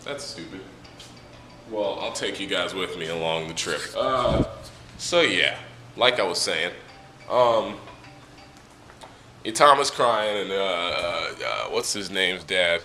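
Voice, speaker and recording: A man's voice: sits low, takes it slowly, long pauses, pushed and bright, distant mic, soft background music. A man reviewing a manga chapter in a casual, rambling, joking way, with many fillers. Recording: echoey room, from the mic.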